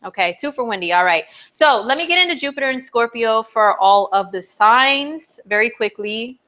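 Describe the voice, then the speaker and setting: A woman astrologer runs a casual live stream, her voice bright and forward. She is chatty and bubbly, laughing easily as she reads viewers' questions from the chat. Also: fairly high pitch, expressive, normal speed. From not from New Jersey.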